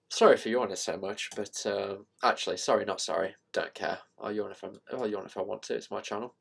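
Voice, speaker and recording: A man casually thinking out loud about currency charts as a channel host, rambling and self-deprecating with many fillers. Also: fairly low pitch, a little fast, gravelly, few pauses. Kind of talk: casual screen-share market commentary.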